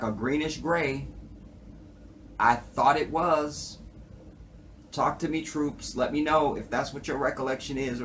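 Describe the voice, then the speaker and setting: Brief: man reviewing a TV show, swears often, animated, talks to his viewers, mid-pitched. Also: slight background noise. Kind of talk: casual commentary.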